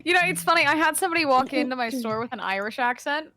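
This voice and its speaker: A woman chatting casually with her tabletop game group, animated and teasing, laughing often. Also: high-pitched, fast, noisy background. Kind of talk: casual chat before a game session.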